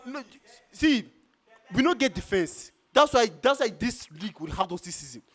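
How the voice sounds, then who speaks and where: A man's voice: very high-pitched, very animated, normal speed, fairly bright tone. A man with a Nigerian Pidgin English accent, ranting in a heated, exasperated way as a football fan in a street reaction.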